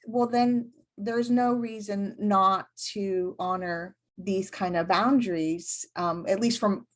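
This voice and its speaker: A woman co-hosting a podcast, talking in a thoughtful, searching way with frequent pauses. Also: mid-range voice, fairly even intonation. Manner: thoughtful, many fillers and restarts. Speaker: podcast co-host, medium. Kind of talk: reflective casual chat.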